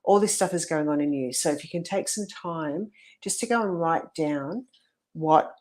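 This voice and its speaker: A woman coaching mothers in a relaxed conversation, telling client stories earnestly and often restarting her phrases. Her voice is a little husky this morning. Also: deep voice, normal speed.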